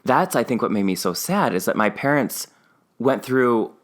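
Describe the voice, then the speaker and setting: A young man co-hosting a podcast, telling a personal story in casual chat and acting out his family's lines. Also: normal speed. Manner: animated storyteller who acts out family members' lines in a high, wavering voice. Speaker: podcast co-host.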